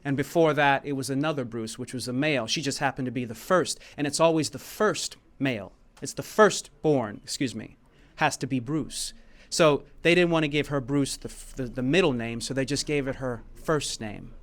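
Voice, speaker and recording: A man's voice: mid-range voice, normal speed, hardly any pauses. A man from the United States telling a personal story at a live showcase, rambling and repeating himself in a heartfelt way, with bits of song. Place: small venue in Paris.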